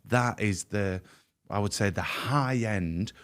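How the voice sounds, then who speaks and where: Guy on a podcast talking real frank and earnest, voice a bit on the low side, stumbles and repeats words. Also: slow pace, a bit bright, clean tone. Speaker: guest. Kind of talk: candid podcast conversation.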